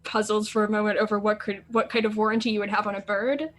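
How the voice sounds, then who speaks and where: A woman player describing her character's actions in a tabletop game, casual and halting. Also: medium pitch, level tone, fairly bright tone.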